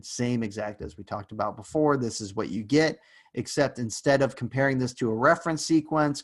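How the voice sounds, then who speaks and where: Casual, joking male lecturer. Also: mid-range voice. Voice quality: casual, joking, rambling with fillers. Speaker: university lecturer. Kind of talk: online lecture.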